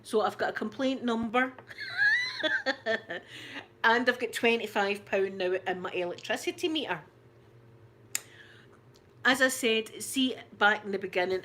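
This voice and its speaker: A middle-aged Scottish woman hosting her channel, chatting through a story in a lively, indignant way. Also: mid-range voice. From Scotland. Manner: animated, indignant retelling full of "I says". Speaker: channel host. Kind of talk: casual storytelling chat.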